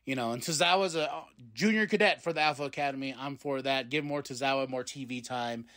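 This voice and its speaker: A man's voice: medium pitch, fairly bright tone. A man hosting a podcast, casually recapping a wrestling show and acting out what the wrestlers said. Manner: rambling, acts out quotes in quick voices. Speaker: podcast host.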